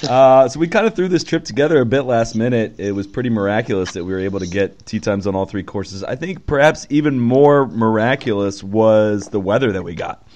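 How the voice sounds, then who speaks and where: An upbeat man hosts a casual golf podcast, laughing often and tossing in quick asides. His voice sits a bit low, with a faint hiss of noise in the background. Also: lively intonation, darkish tone. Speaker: podcast host.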